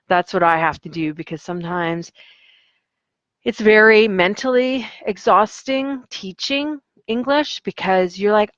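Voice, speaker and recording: A woman's voice: medium pitch, normal speed, fairly bright tone, no room sound, dull audio. A woman, an online English teacher, chatting casually in a vlog with a rambling, filler-heavy manner. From Canada.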